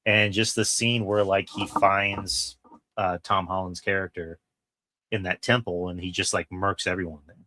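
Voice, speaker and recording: A man co-hosting a podcast, chatting casually and excitedly about a film, swearing freely and acting out quoted lines. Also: deep voice, normal speed. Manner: excited, profane, retells scenes with quoted lines. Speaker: podcast co-host. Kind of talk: casual film review chat.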